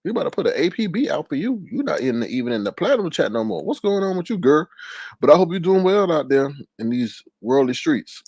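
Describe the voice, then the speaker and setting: A man's voice: fast talker, creaky, breathy edge, no echo. A man hosting a live stream, chatting casually, telling stories and teasing viewers in the comments. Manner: animated, jumps into high exaggerated voices when quoting people; reads viewer comments aloud and teases them. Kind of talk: casual storytelling chat.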